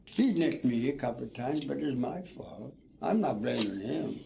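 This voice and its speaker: Gravelly old man spinning yarns. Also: medium pitch, background noise. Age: older. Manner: folksy storytelling, "see?" and "you know". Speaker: former ball player. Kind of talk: reminiscing interview.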